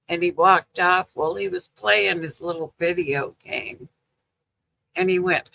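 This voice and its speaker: An older woman chatting casually with viewers on a livestream, telling family stories in a slow, rambling way with lots of "you know" and laughter. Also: on the low side, fairly even intonation, creaky, sharp tone, rough recording. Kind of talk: casual live chat.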